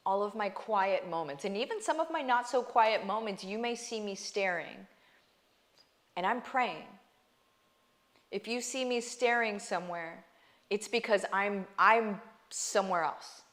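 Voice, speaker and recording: An online business coach and vlogger speaks straight to her viewers in a heartfelt, earnest faith talk, calling them "guys" and often asking "right?" with emphasis. Her medium-pitched, fairly bright voice moves at a measured pace with frequent pauses.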